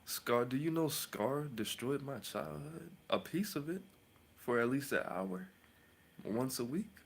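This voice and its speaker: A man's voice: mid-range voice, expressive, measured pace, vocal fry, slight background noise. A man hosting his own channel as a tarot reader, rambling and boasting in a casual rant, mocking with sudden whispers and outbursts.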